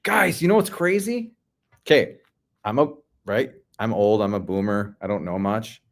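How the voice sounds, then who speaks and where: A man's voice: on the low side, expressive, moderate pace. A man from the Midwest hosting a casual livestream, reading out chat comments and answering in a laid-back, slangy way.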